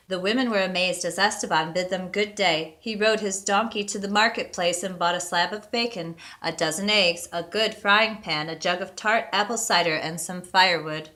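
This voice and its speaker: A woman reading a storybook aloud with steady, expressive narration. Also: fairly low pitch, moderate pace, few pauses.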